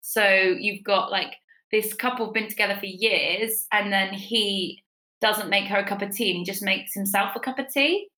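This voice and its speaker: Woman, bright voice, lively storyteller who leaps in pitch for quotes; roomy echo. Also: moderate pace. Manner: animated, acts out quotes with big pitch jumps. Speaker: podcast guest giving a relationship tip. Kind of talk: casual storytelling chat.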